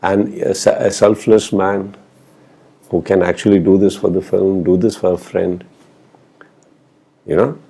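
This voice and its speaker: Deep, gravelly-voiced male actor. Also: fairly even intonation, measured pace, long pauses, warm tone. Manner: storytelling, acting out quoted exchanges, mixing in Hindi phrases. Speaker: actor being interviewed. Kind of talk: casual interview answers.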